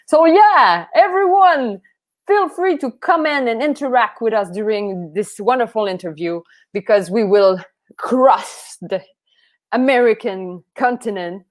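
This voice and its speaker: Host, woman, French Canadian accent, slow and effusive, stumbles on restarts, live stream. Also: a little high, lively intonation. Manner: enthusiastic, effusive, halting restarts. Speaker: podcast host.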